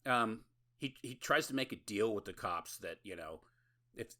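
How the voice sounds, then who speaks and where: A man's voice: fairly low pitch, animated, normal speed, sharp tone. A male podcast host in casual chat, recapping a film in a rambling, laughing, profane way.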